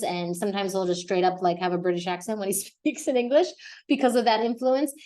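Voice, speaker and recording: A young woman hosting a casual podcast lesson, chatty and lively, often laughing and correcting herself as she explains vocabulary. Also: mid-range voice. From United States. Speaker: Spanish teacher and podcast host.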